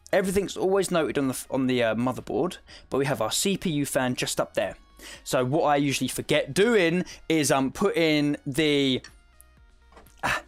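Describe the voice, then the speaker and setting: Male streamer, Essex accent, chatty and animated, laughs easily. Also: on the high side. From south of England. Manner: chatty, reads chat aloud, laughs often. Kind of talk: live-stream tutorial chat.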